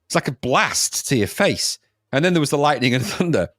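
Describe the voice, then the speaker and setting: A man's voice: medium pitch, very animated, brisk, a bit bright, dry recording, clean studio sound. A man co-hosting a casual retro game review chat, talking in an emphatic, grumbling way and repeating "no, no, no". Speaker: podcast co-host.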